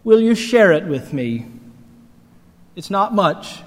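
A man's voice: sits high, sing-song, slow pace, in a large hall, exaggerated voice. A man voicing a hospitable Orthodox priest eagerly offering a glass of saved wine, within a sermon story. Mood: welcoming. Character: hospitable old male Orthodox priest, generous.

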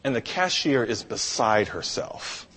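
A man preaching a storytelling sermon, animated, swinging from loud to hushed. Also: mid-range voice, measured pace, breathy edge. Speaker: pastor. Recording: echoey hall.

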